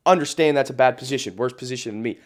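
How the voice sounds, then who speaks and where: A man's voice: medium pitch, racing. A man in his late teens, a podcast guest telling stories in a blunt, profane way, repeating "bro" and restarting his sentences often. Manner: rambling with frequent restarts. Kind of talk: casual podcast storytelling.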